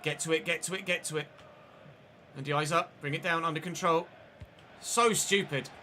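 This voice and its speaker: A man's voice: a little high, fairly even intonation, normal speed, bright, forceful tone, a little hiss or hum. A man streaming a football video game, giving running play-by-play with frequent swearing and frustrated outbursts. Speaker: gaming streamer. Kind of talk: live gameplay commentary.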